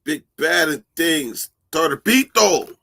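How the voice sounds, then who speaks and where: Profane, animated man chatting on a live stream. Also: fairly high pitch, slow pace, vocal fry. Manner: profane, animated storytelling, laughs often. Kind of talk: casual live stream chat.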